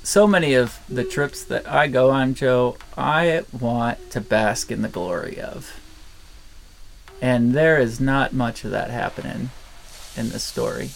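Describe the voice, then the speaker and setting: A man co-hosting a podcast, talking in a reflective, measured way. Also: medium pitch, vocal fry, a little hiss or hum. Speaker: podcast co-host. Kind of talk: casual podcast chat.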